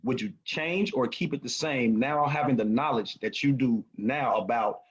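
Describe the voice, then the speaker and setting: A man co-hosting a casual podcast chat, teasing his friend with loud laughs and profanity. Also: mid-range voice, normal speed, muffled recording. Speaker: podcast co-host, hip hop artist.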